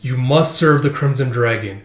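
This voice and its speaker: Male reader doing a solemn dragon deity; slow, grave pronouncements, echoey room. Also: mid-range voice, lightly acted. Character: solemn ancient dragon god, stern. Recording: roomy echo.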